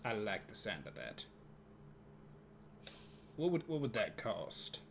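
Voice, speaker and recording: A man chatting as a player in a tabletop game, his voice swinging widely in pitch. He talks casually and laughs easily, with a faint hiss underneath. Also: huge pitch swings, slow pace, creaky.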